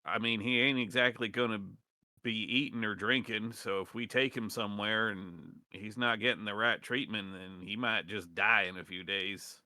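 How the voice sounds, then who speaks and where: A man's voice: fairly low pitch, fairly even intonation, normal speed, bright, forceful tone, dry recording, clean studio sound. A man speaking in character during a tabletop role-play, with a folksy, drawling way of talking.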